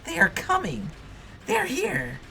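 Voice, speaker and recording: A man voicing a frantic mad woman who shouts warnings. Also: very high voice, huge pitch swings, slow pace, a little hiss or hum, pitched above the performer's own voice, exaggerated voice.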